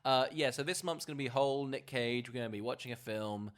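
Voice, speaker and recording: A man's voice: medium pitch, brisk. Rambling man co-hosting a film podcast. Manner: rambling, laughs, trails off. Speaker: podcast co-host. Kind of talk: casual film podcast chat.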